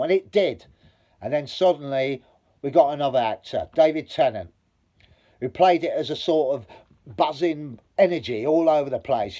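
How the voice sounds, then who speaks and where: In this review monologue, a male vlogger faces the camera and rants bluntly, dropping swear words and building heat with each point. His voice is mellow and dark, pitched in the middle, animated and at a normal speed.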